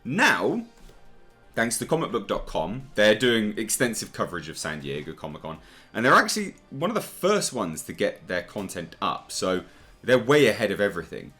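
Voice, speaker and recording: A man's voice: fairly low pitch, sing-song, normal speed, pushed and bright, faint music behind. A man hosting a casual pop-culture commentary video, talking in a sarcastic, exasperated way. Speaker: YouTube commentary host.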